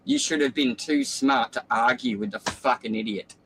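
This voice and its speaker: A man voicing a weary, wise male lion king in a spoken fable, lecturing calmly. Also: medium pitch, moderate pace, a little hiss or hum, lightly acted, rough recording.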